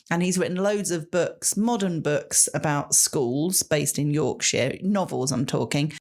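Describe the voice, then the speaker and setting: A woman co-hosting a casual podcast, telling stories in a chatty, animated way and laughing often. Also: lowish voice. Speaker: podcast co-host and radio presenter. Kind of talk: casual chat. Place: radio studio.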